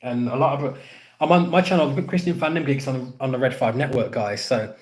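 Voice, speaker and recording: A man's voice: mid-range voice, brisk. Rambling man chatting on a live stream. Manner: rambling, repeats himself, talks to chat. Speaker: podcast host. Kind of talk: casual live-stream chat reading comments.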